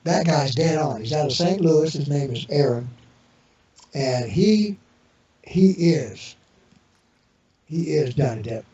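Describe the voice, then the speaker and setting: This interview guest has a slightly high, mellow voice with lively intonation, speaking slowly and leaving long pauses. He tells rambling, casual anecdotes riddled with fillers and restarts, performing the voices of people in his stories. The internet radio audio sounds echoey, distant and muffled, with crowd noise.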